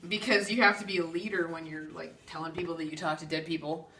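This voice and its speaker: Chatty bright-voiced woman medium, echoey room. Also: sits low, fast, far from the mic, slight background noise. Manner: chatty, animated, laughs often, keeps asking "okay?". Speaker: psychic medium. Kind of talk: spiritual teaching talk.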